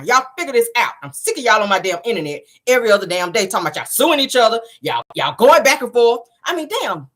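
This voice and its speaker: A woman hosting a casual gossip show, sassy and animated, calling her listeners child and honey. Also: mid-range voice. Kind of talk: casual celebrity gossip commentary.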